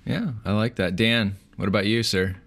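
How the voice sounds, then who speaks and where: A man's voice: lowish voice, normal speed, vocal fry, fairly bright tone. A man hosting a casual podcast chat, leading the talk and laughing easily. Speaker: podcast host.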